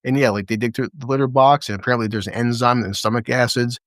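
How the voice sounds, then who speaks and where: A man in a loose, foul-mouthed recap chat, mid-pitched and unhurried. He keeps breaking into short laughs and slipping into little impressions of the characters. His voice sounds close and dry, with no room around it. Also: no room sound. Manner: profane, chuckling, retells scenes in lively quoted voices. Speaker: podcast co-host. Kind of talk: casual TV episode recap chat.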